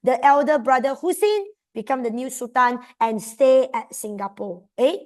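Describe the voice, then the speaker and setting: Malaysian woman tutor, high voice, animated and chatty, keeps quizzing the class. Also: moderate pace. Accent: Malaysian English. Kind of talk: exam revision lesson.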